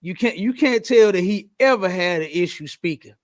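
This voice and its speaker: A man's voice: high voice, expressive, moderate pace. A man hosting a podcast in casual chat, talking in an emphatic, preachy way and repeating his points. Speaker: podcast host.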